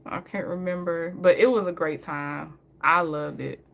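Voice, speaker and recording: A woman's voice: sits low, fairly even intonation, measured pace, vocal fry. A woman telling stories in a casual, chatty way, often laughing and talking straight to her viewers. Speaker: vlogger. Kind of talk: casual story time.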